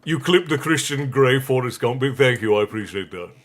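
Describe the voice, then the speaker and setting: A man's voice: mid-range voice, expressive, a little fast. A man hosting a casual livestream who laughs often and reads out viewer messages. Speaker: livestream host.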